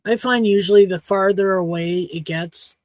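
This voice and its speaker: A woman from Saskatchewan hosting a casual livestream chat at home, rambling and frank, her throat a little hoarse. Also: mid-range voice, normal speed, no echo. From Saskatchewan, Canada. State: slightly hoarse throat after choking. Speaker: livestream host. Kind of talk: casual chat to a live audience.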